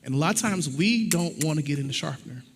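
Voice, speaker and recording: A man preaching a relaxed, folksy sermon with props, his voice sitting a little high for a man and slipping into small acted-out exchanges. The room gives his words a long church reverb, with faint noise underneath. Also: fast talker. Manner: folksy, acts out little dialogues. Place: church sanctuary.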